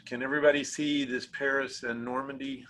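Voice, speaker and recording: A man hosts a relaxed online travel talk over a video call. His voice is bright and ringing, and he talks in a friendly, easygoing way with small fillers and light laughs. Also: medium pitch, a little fast, slight background noise, low-quality recording. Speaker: travel agency host. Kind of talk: casual virtual presentation.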